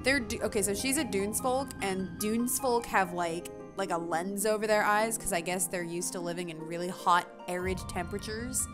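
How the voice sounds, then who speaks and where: A woman's voice: mid-range voice, fairly even intonation, moderate pace, hardly any pauses, over music. Bubbly, giggly young woman gamer. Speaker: gaming streamer. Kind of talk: casual let's-play commentary.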